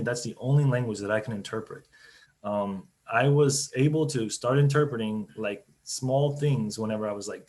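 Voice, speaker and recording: A man with a fairly low voice talks casually over a video call during a business webinar. He rambles a bit, with frequent ums and self-corrections. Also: a little mellow. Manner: chatty, loose, many fillers and restarts. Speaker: company CEO on a webinar panel.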